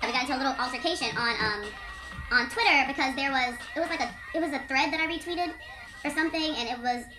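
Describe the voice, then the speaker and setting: Young woman ranting fast into her camera, kinda high voice, roomy bedroom echo, music behind. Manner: animated, frustrated, blunt. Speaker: vlogger. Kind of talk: casual talking-head vlog rant. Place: home bedroom corner.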